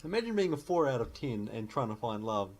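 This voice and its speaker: Co-hosting a podcast, a man jokes around casually and rants about reality shows, acting out quotes in mock voices. His medium-pitched voice has a sing-song quality and a slightly fast pace.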